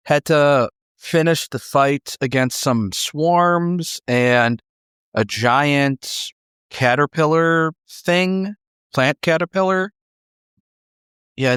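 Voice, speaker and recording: A man's voice: fairly high pitch, a bit bright, smooth, dry recording. A man narrating a tabletop game as game master, loosely and conversationally.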